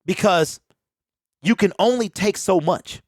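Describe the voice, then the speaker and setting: With a high voice and measured pace, a man preaches his fired-up sports views alone, slangy and animated, straight to his viewers. Captured on a popping home desk mic, the sound is clean and studio-like with no room sound.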